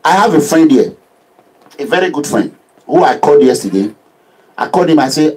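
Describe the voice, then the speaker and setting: Nigerian male activist, raised husky voice, animated and sermon-like delivery. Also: on the high side, brisk, long pauses, rough recording. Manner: preachy, animated, uses proverbs. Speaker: political activist. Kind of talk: impassioned social media address.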